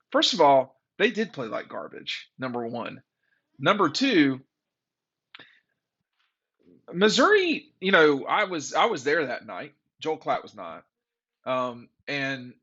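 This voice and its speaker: A man with a slightly high, bright and forceful voice hosts a sports commentary program. Exasperated and opinionated, he rambles through an informal monologue captured in dull lo-fi sound.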